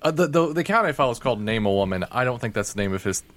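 A man in an average pitch tells stories loosely as a podcast co-host. He leans on filler words and restarts, talking over a voice call from home. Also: expressive, racing, a bit bright. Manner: rambling, heavy use of "like". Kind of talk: casual chat.

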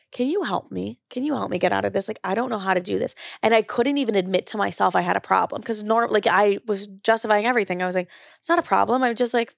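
Frank young woman, gravelly voice. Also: medium pitch, dry recording, clean studio sound. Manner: casual, frank, filler-heavy talk with frequent "like" and swearing. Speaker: podcast host. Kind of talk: candid personal monologue.

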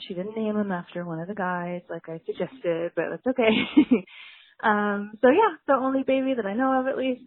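A woman's voice: medium pitch, no echo. Casting: woman caller, chatty and rambling, thin telephone sound. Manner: chatty, lots of ums. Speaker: caller leaving a voicemail. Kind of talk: casual chat. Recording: tinny phone line.

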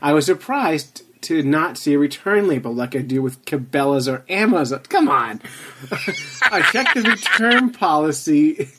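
A man's voice: fairly high pitch, animated, measured pace, background noise. A man hosting a podcast, chatting casually and reading a review aloud with teasing, dry asides. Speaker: podcast host.

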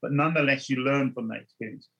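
A spiritual medium earnestly tells stories of his experiences in conversation, frequently restarting his words. His medium-pitched voice is fast, creaky, bright and forceful, captured on a low-quality recording.

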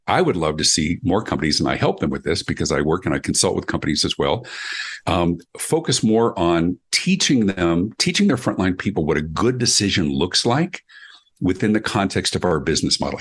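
Middle-aged man, deep husky voice, animated interview guest acting out dialogue. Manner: acts out quoted dialogue with big pitch jumps. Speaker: guest speaker and consultant.

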